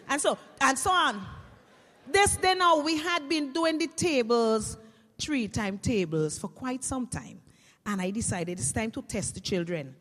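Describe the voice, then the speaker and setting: Animated high-voiced Vincentian woman storyteller. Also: unhurried, in a large hall. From Saint Vincent and the Grenadines. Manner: animated, lively, addresses audience. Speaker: comic storyteller, teacher. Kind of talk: comic stage storytelling.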